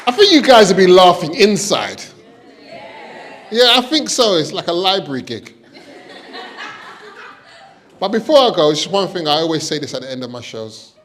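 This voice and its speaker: A man doing a stand-up comedy set, deadpan setups with loud high punchlines. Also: normal speed, pauses often, some chatter behind. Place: stage before a live audience.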